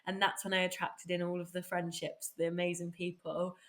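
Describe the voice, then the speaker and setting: A woman hosting a podcast in casual chat, bubbly and enthusiastic and quick to laugh. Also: on the low side, little pitch movement. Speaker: podcast host.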